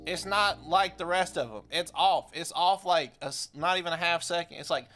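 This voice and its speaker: A young man with a high voice gives live commentary over a rhythm game, loud and frustrated, cursing and trash-talking the opponents. Faint game music plays behind him. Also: normal speed. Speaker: streamer.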